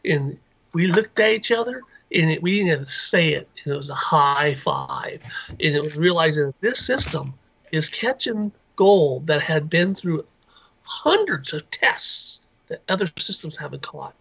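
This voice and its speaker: A man telling a rambling, excited story as a guest on a live call-in show. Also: on the high side, unhurried, vocal fry, slightly rough. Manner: rambling, excited, acts out quoted voices. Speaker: inventor and guest.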